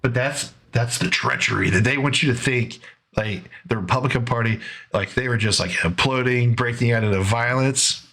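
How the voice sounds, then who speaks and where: Man, middle pitch, casual commentary host, sarcastic, conversational, narrating over footage. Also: moderate pace, vocal fry, pushed and bright. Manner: conversational, with fillers and restarts.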